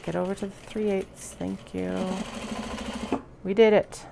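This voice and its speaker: A woman's voice: mid-range voice, flat delivery, measured pace, vocal fry, dark tone, a little hiss or hum. A woman chatting to herself as she sews a bag, talking through each step in a casual, self-amused way. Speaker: crafter sewing on stream. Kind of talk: casual sewing narration. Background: sewing machine running.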